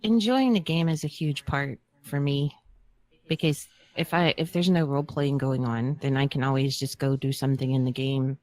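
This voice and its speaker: A woman's voice: very deep voice, fairly even intonation, normal speed, a little mellow. A woman on a gaming podcast telling a personal story in a chatty, hesitant way. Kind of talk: casual chat.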